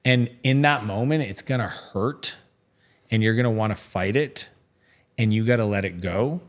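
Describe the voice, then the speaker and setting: This middle-aged guest speaks at a normal pace in a lowish voice during a casual interview. His storytelling is conversational and full of filler words, and he performs the lines of anyone he quotes.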